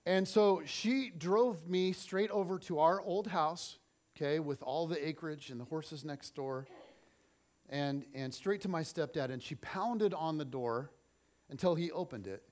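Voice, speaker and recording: A middle-aged pastor preaching in church, his voice sitting a little higher than most men's. He tells a personal story as he preaches, and he shifts often between loud, pushed lines and quiet, dropped ones. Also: a little slow. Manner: animated, swings between loud and soft.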